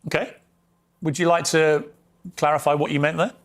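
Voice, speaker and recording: A middle-aged man interviewing on television, pressing with brisk, probing follow-up questions. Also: fairly high pitch, level tone.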